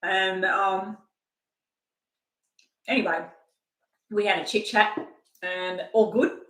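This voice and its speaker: An older woman chats her way through a live tarot reading, wandering off topic now and then and sometimes talking with her mouth full. Her voice sits at a middle pitch, and the room around her is noticeably echoey. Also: fairly even intonation, slow, a bit bright. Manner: chatty, rambling, talks while eating. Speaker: tarot reader.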